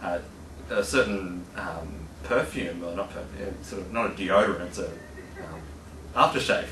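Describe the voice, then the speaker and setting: A man's voice: low voice, moderate pace, pushed and bright. A man co-hosting a casual radio-style podcast, playful and teasing. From Australia. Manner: playful, teasing, laughs easily. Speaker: podcast co-host. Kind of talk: casual radio-show chat. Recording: roomy sound, far from mic, faint hiss.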